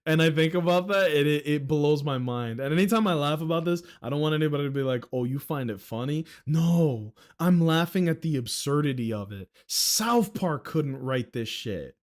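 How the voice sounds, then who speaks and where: A man's voice: on the high side, animated, moderate pace, hardly any pauses. A young man from the Philadelphia area ranting sarcastically on a livestream at a desk mic, profane and exasperated.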